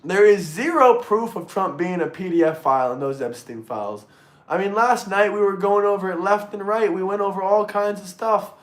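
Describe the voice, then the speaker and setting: A man hosting a casual livestream and talking to his chat, excitable, swearing freely and repeating himself. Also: high-pitched, normal speed. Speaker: livestream host reading chat. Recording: roomy echo.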